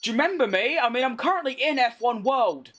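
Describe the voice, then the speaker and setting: A man with a London accent streaming a racing game, chatting with viewers and yelling excitedly at the race. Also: very high voice, fast talker. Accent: London English. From London, England. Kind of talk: live gameplay commentary and chat.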